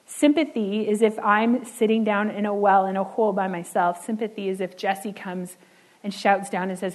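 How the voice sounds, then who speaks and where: A woman preaching a sermon in an earnest way, slowing down and dropping soft on key words. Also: mid-range voice, fairly even intonation, low-quality recording.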